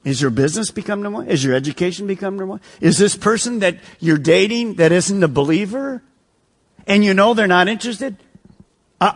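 Pastor guy preaching, husky voice kinda high, lots of questions to the crowd. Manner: emphatic preaching, rhetorical questions, drops to soft earnest appeal. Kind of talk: sermon. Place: church sanctuary.

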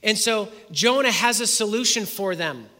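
A man's voice: sits high, expressive, moderate pace, pushed and bright. A man preaching a sermon, retelling a story, reading scripture and asking the listeners rhetorical questions. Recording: long hall reverb.

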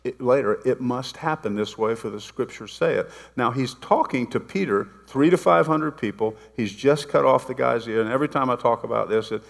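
A man's voice: medium pitch, normal speed, vocal fry, few pauses. A man preaching a sermon, talking to the congregation in a conversational way, with dramatic retellings and playful asides. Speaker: pastor. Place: church sanctuary. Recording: long reverb of a large hall.

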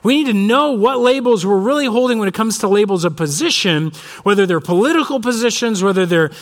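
A male pastor giving a conversational sermon that mixes prayer with personal stories, often pausing on fillers. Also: high-pitched, animated. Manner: conversational, frequent fillers and restarts. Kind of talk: sermon with storytelling.

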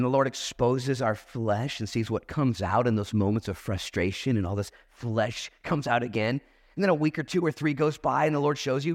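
A man's voice: mid-range voice, moderate pace, dry recording, clean studio sound. Conversational, emphatic male pastor preaching. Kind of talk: sermon. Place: church service.

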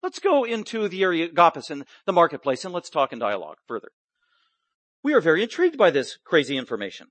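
A man's voice: a little high, huge pitch swings, fast, a bit bright, no echo, heavily acted. A man voicing a haughty, condescending male Greek philosopher, with an airy, mocking delivery. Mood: patronizing.

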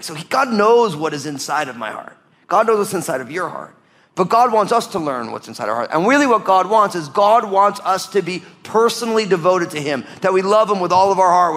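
Pastor preaching in a reverberant hall. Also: male voice, fairly high pitch, fairly bright tone. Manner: conversational preaching with rhetorical questions. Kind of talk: sermon.

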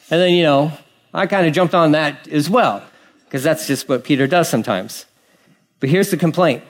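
A pastor preaching a sermon, acting out quoted voices and moving between loud outbursts and hushed lines. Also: male voice, on the high side, normal speed.

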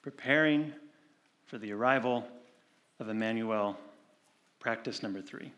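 A male pastor giving a sermon, talking conversationally and slowing down to read scripture. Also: lowish voice, highs cut off. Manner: conversational preaching with animated retold stories; slows and softens for scripture reading.

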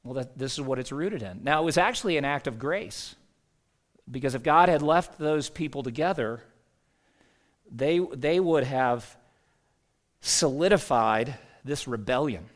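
A man's voice: medium pitch, lively intonation, a little slow. A man delivering a sermon as a pastor, conversational, asking rhetorical questions and reading scripture aloud.

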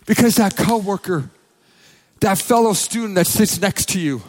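A man's voice: high-pitched, normal speed. Emphatic man preaching a sermon. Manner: emphatic, repeats phrases, quotes people in acted voices. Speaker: pastor. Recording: long reverb of a church hall.

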